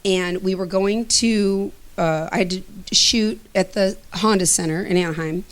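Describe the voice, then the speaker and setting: A middle-aged woman shares a personal story in a loose, chatty way. Her voice sits at an ordinary middle pitch. She is animated, acts out what each person said and often breaks into laughter. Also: unhurried. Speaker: student giving a testimonial.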